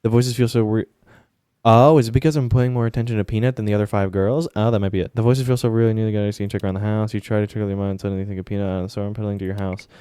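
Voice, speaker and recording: A man with a fairly low, mellow voice plays through a video game, reading its narration aloud. He breaks off for casual, cursing asides. The sound is dry and close to the mic. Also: steady tone, rapid-fire, clear, resonant tone, no room sound. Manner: swears casually, mutters reactions between read-aloud narration. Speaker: gaming streamer. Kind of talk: casual let's-play commentary and reading game text aloud.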